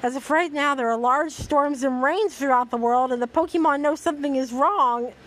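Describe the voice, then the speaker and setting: A woman voicing a solemn, fatherly male god creature, with a slow, measured read-aloud delivery. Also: sits high, fairly bright tone.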